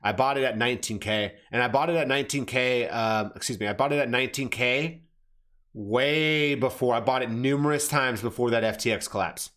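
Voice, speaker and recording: Brash dude ranting about crypto charts, mid-pitch voice, swears a lot, keeps fixing his own words. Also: fairly quick, a bit bright. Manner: blunt and brash, swears, calls viewers fam; self-correcting, restarts phrases. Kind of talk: casual market commentary over charts.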